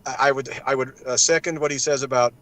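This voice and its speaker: A man on a casual video panel, explaining court procedure at an even middle pitch. He slips into animated little impressions of judges and clerks as he goes. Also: fast, low-quality recording. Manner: animated, acts out judges in quoted asides.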